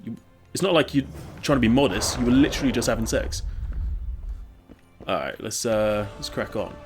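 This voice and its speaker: A man's voice: medium pitch, normal speed, long pauses. A young man with a southern English accent chats over his gameplay in a loose, rambling way. He mocks himself, jokes, and swears casually. Faint music plays under his voice. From English Midlands. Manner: chatty, rambling, self-mocking, swears and laughs. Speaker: gaming YouTuber. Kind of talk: casual let's-play commentary.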